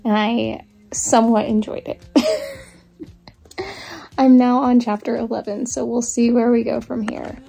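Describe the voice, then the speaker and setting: Chatty lady vlogging about books, kinda high pitched, laughs a lot. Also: steady tone, unhurried, gravelly, long pauses, warm tone. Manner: chatty, candid, laughs often. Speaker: book vlogger. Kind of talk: casual chat to camera.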